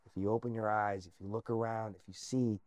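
Here a man who served in the army relates his personal experiences as an interview guest, animated and sincere, now and then falling to a near-whisper. He speaks briskly in a lowish voice, with no room sound audible.

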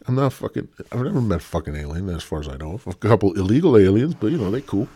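A man's voice: low voice, big pitch swings, quick pace, few pauses, dark tone, breathy edge, no echo. A man hosting his own podcast alone, rambling and swearing constantly, sighing and feeling a little sick as he talks. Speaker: podcast host. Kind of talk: rambling solo podcast rant.

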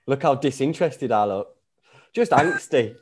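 Lively, joking man hosting. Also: mid-range voice, normal speed, husky. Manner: banterous, joking, swears casually. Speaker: podcast host. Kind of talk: casual chat over video call. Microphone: video call.

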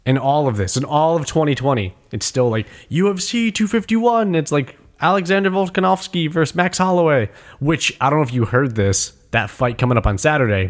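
A young man telling sports stories in a loose, rambling way, full of fillers and false starts. His voice sits at an ordinary middle pitch. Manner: rambling storyteller with many fillers and restarts. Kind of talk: casual chat about combat sports.

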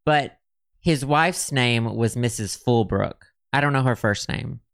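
A man co-hosts a relaxed podcast, talking things over casually in a mid-pitched voice. He reads old quotes aloud with a playful, dramatic lift. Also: unhurried, clear, resonant tone. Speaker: podcast co-host.

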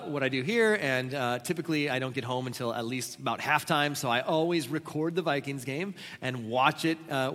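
A man preaching a sermon as pastor, telling stories with sudden loud exclamations. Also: on the high side. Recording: long reverb of a large hall.

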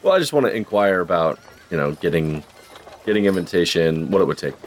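A man with a very deep voice plays a tabletop role-playing game. His pitch swings widely as he asks polite, careful questions. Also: sing-song, fairly quick, a little hiss or hum. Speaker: player. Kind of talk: in-character tabletop role-play.

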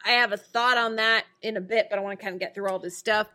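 A woman in casual chat, quickly retelling a TV episode's plot and picking at its logic. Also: medium pitch, fairly even intonation, pushed and bright.

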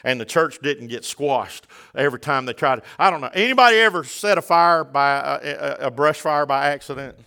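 A man's voice: on the high side, expressive, moderate pace, hardly any pauses, sharp tone, clean tone. A male pastor, preaching a sermon and calling out to his congregation, building in force as he goes. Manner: calls out to the congregation.

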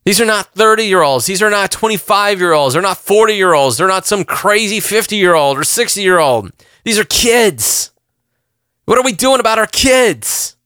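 A man's voice: sits high, expressive, moderate pace, hardly any pauses, pushed and bright, clear, resonant tone, dry recording, clean studio sound. A pastor in his forties delivering an impassioned sermon, earnest and repeating phrases for emphasis. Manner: earnest, repeats himself, rising emphasis on questions.

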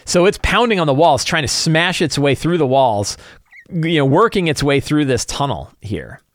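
A man's voice: fairly high pitch, big pitch swings, normal speed, dry recording. A man preparing his tabletop game session, rambling with many restarts in casual talk. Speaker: game master.

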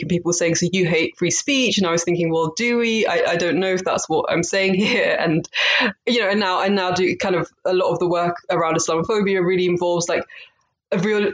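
A woman hosting a podcast interview, talking in a thoughtful, searching way with frequent fillers and restarts. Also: lowish voice. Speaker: podcast host.

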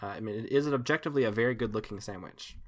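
A man co-hosting a casual podcast, talking haltingly with many restarts. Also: on the low side. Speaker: podcast co-host.

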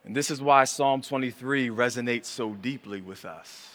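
A man's voice: medium pitch, moderate pace. Earnest male pastor in a reverberant hall. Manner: earnest, builds from hushed to rising emphasis. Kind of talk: sermon. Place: church hall.

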